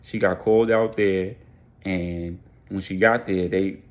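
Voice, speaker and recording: A man's voice: deep voice, fairly even intonation, measured pace. A man narrating a story casually, in a slangy, loose, rambling way.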